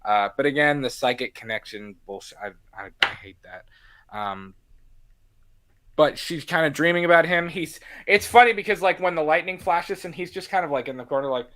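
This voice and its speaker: A man co-hosts a casual movie podcast in a voice on the high side, with a sharp tone and moderate pace. He talks animatedly and acts out lines from the film in little voices.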